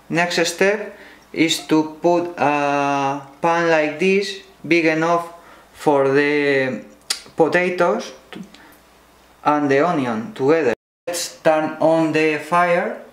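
Demonstrating a dish one step at a time, a man who hosts a cooking channel talks slowly and deliberately, his Spanish accent and non-native wording punctuated by filler words. His slightly high voice echoes around his home kitchen over a sizzling pan.

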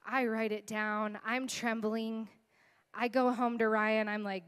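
A woman's voice: fairly high pitch, little pitch movement, slow pace, smooth. A woman in her thirties giving an earnest, emotional testimony as a guest speaker in a sermon. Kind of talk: sermon storytelling.

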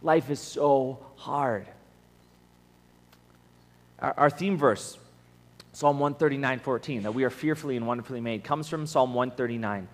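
A man's voice: mid-range voice, a little fast. A young man giving a casual, conversational sermon at a camp, earnest and often checking in with the room. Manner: earnest, acts out prayers in quoted voices, asks the room "right?". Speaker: camp speaker. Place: large meeting hall at a camp. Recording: long hall reverb.

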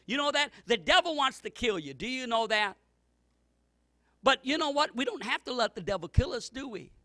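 A man preaching a sermon, rambling in asides and rising to fervent near-shouts as he retells scripture. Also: extremely high pitch, big pitch swings, normal speed, dry recording. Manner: loose, rambling asides with repeated words. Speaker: pastor.

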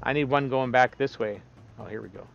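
A man's voice: mid-range voice, a little fast, vocal fry, lo-fi sound, soft background music. A man giving casual, profane gameplay commentary as a streamer, exasperated and talking to the game. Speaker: let's play streamer.

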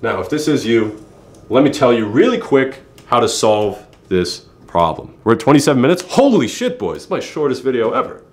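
A young man talks straight to the camera in a brash, swearing advice monologue. He calls the listener bro, and his pitch jumps up when he gets fired up. His mid-pitched voice bounces around a roomy, echoey space. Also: very animated, normal speed. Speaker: YouTuber giving self-improvement advice.

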